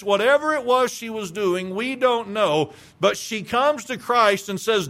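A man's voice: sits high, expressive, unhurried, few pauses, fairly bright tone. A male pastor preaching a sermon, emphatic, asking rhetorical questions and repeating phrases for weight.

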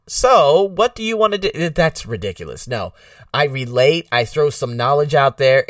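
A man's voice: medium pitch, no echo, studio quality, far from the mic. A man from the United States, a podcast host, talking in a casual, rambling way with lots of fillers. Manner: rambling, filler-heavy, animated.

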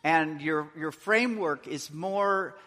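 A man preaches in a church hall, his voice bright and slightly high. He talks earnestly, pushing up for emphasis and dropping low again. The sound carries a long hall reverb. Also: slow pace. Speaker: pastor. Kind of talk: sermon.

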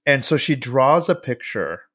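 A man co-hosting a podcast, casually recapping a film in animated bursts and acting out the characters' lines with plenty of swearing. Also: medium pitch, unhurried. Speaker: podcast co-host.

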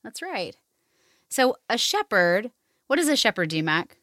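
Calm woman hosting a devotional podcast. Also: medium pitch, no room sound, clean studio sound. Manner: slow, soothing reading and guiding. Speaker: podcast host. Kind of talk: gentle devotional talk for families.

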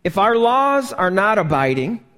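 Slow, high-voiced preaching pastor in church. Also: male voice, big pitch swings, pushed and bright. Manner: slow, emphatic preaching with rhetorical questions to the congregation. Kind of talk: live sermon. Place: church sanctuary. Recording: live church recording with long reverb.

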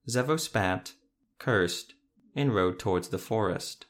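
A man narrating a fantasy story in a steady storytelling manner. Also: lowish voice, takes it slowly.

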